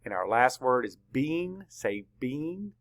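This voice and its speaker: Male elementary teacher, gravelly voice, unhurried, patient spelling dictation. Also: mid-range voice, sing-song, a bit bright. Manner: slow, deliberate, letter-by-letter dictation; asks questions and answers them himself. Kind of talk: classroom spelling lesson.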